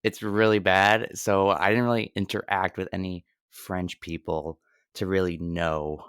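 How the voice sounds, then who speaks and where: A man's voice: low-pitched, level tone, unhurried, fairly bright tone, smooth, dry recording, clean studio sound. A man co-hosting a podcast in casual chat, hesitant in his phrasing. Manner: hesitant, laughing easily. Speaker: podcast co-host.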